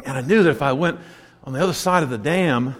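A man preaching a sermon, telling stories and swinging between loud emphatic lines and hushed asides. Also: on the high side, fast talker. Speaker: pastor. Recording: long hall reverb.

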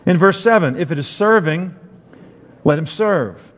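A middle-aged man preaching a sermon, animated, acting out the people he quotes. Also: a little high, measured pace. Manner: animated storyteller, acts out quotes. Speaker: pastor. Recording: long reverb of a hall.

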